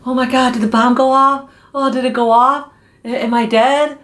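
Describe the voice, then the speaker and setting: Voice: high voice, fairly even intonation, moderate pace, fairly bright tone, voice pushed up. A YouTuber voicing a cocky male wrestler mocking a rival in a raised, stammering tone. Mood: mock panic.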